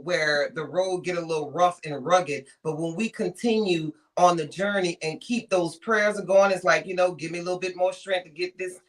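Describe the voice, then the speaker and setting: A woman guest giving preaching-style spiritual encouragement, emphatic and repetitive, moving between hushed and loud delivery. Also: low-pitched.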